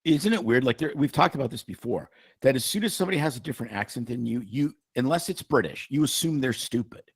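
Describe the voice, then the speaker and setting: A man's voice: mid-range voice, animated, quick pace, slightly rough, no room sound. A man co-hosting a casual podcast, telling rambling jokes and stories. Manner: joking, rambling storyteller. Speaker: podcast co-host, doctor. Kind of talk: casual chat.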